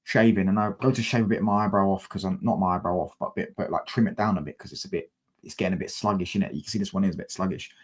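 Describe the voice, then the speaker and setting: A young man with a low, slightly rough voice talks rapid-fire to his chat from a desk mic at home. He's a football fan streamer, frustrated and slangy, swearing through a live-stream rant.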